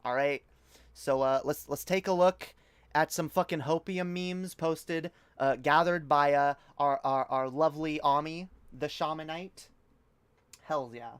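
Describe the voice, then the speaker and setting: A woman's voice: low voice, unhurried, clear, resonant tone, no room sound. A woman streaming a reaction video, ranting heatedly and profanely with frequent restarts. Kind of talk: livestream rant.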